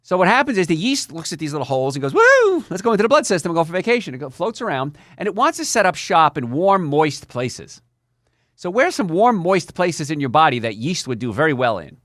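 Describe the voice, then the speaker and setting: An older man, a doctor hosting a health talk show, speaking in an animated, chatty way straight to his listeners. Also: on the high side, fairly quick, no room sound, clean studio sound. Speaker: doctor and podcast host.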